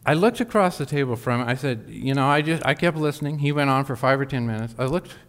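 A man's voice: mid-range voice, fast, fairly bright tone. A man preaching a sermon, telling a personal story with emphatic asides to the congregation. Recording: long hall reverb.

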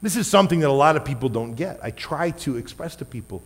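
A man preaching a sermon as a pastor, wearing a microphone, emphatic, with loud stressed words and quiet asides. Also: on the high side, animated, quick pace. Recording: long hall reverb.

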